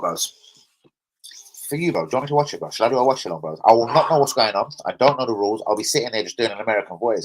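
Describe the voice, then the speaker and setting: Male host for a fan live stream, slangy and chatty, swinging his pitch widely. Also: fast talker, rough recording. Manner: slangy, chatty, animated banter with chat. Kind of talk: casual live-stream chat.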